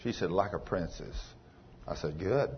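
A pastor with a deep, husky voice preaches a sermon at normal speed, telling a story and acting out its dialogue while swinging between loud and soft. The recording is lo-fi.

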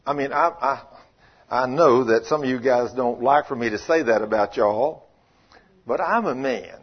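Husky preacher, folksy storyteller. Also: male voice, medium pitch, moderate pace. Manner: folksy, acts out quoted voices, shifts between loud rebukes and quiet asides. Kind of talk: sermon with storytelling. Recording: muffled lo-fi sermon recording.

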